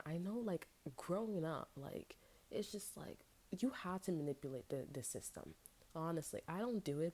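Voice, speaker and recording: A woman's voice: sits low, dark tone. A woman tarot reader talking in a casual, rambling monologue, venting and swearing freely, sometimes dropping to a whisper. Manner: profane, venting, drifts into whispers.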